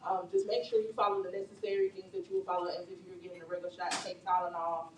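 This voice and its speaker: A woman who works at a hospital, giving brisk, matter-of-fact health advice in a casual talk. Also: on the low side, big pitch swings. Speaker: hospital worker and co-host. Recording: roomy, distant mic with faint noise.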